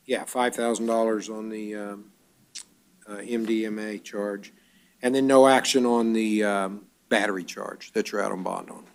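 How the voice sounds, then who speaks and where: A man's voice: lowish voice, fairly even intonation, moderate pace, vocal fry. A man serving as a judge at a bond hearing, reading out charges and amounts in a matter-of-fact way with hesitant fillers.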